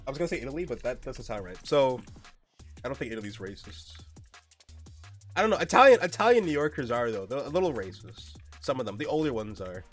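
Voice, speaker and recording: A man's voice: mid-range voice, sing-song, quick pace, faint music behind. A young man streaming a game, chatting casually in a joking, profane way with frequent laughs. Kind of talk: casual gameplay chat.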